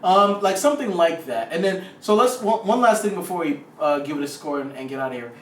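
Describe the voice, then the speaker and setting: Brief: male film-review co-host, high voice, rambling and animated, distant echoey room. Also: brisk, a little hiss or hum. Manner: rambling, animated, acts out lines. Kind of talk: casual chat. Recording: roomy sound from a distant mic.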